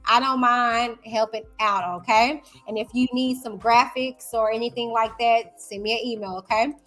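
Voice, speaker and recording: A woman hosting a casual commentary vlog, talking loud and high-energy straight to her viewers. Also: steady tone, normal speed. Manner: chatty, addresses viewers directly. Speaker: YouTuber host.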